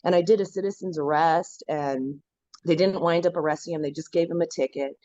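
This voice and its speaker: A woman guest telling her story in a casual conversation, animated and full of "like" fillers. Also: sits low, a little fast, dry recording. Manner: animated, acts out quoted dialogue, many "like" fillers. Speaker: podcast guest, local activist. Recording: dull lo-fi dry audio.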